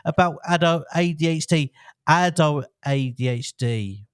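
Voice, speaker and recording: A man's voice: on the high side, a little slow, clear, resonant tone, no echo, studio quality. A middle-aged man from England co-hosting a podcast in a playful, jokey, casual chat. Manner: jokey, playful, breaks into song. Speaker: podcast co-host.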